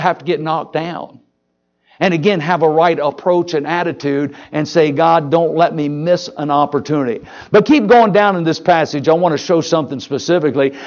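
High-voiced folksy preacher. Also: male voice, dull audio. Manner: folksy, animated preaching with direct questions to the congregation. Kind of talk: sermon. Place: church sanctuary.

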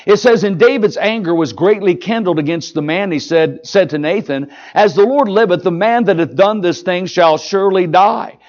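A man's voice: a little high, muffled recording. Folksy preaching man, drawl. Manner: folksy, emphatic preaching with jokes and rising shouts. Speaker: pastor. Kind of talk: sermon.

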